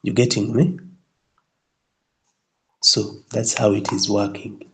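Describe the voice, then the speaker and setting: A man with a fairly low voice leads a live tutorial on building design. He keeps checking in with his listener and often restarts his phrases. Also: level tone, slow pace, a bit bright, low-quality recording. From Kenya. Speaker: instructor.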